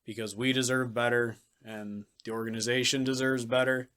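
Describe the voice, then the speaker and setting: A man's voice: medium pitch, flat delivery, moderate pace, a bit bright, clear, resonant tone. A man co-hosting a sports podcast in casual chat, blunt and ranting, swearing freely as he makes his case. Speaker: podcast co-host.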